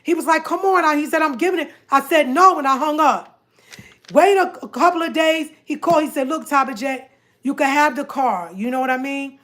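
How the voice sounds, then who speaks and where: A woman telling a personal story to her viewers in a casual, animated way, often acting out what others said. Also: high-pitched, brisk. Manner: animated, repeats herself, quotes others in dialogue.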